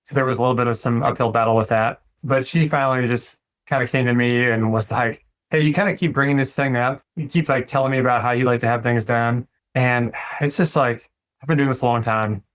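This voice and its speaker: A relaxed man in his thirties, speaking as a dentist guest on a podcast. His voice sits at a middle pitch, and he talks in an easygoing, reflective way, now and then acting out what he tells his staff. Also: fairly quick. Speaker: dentist and practice owner. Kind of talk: casual interview talk.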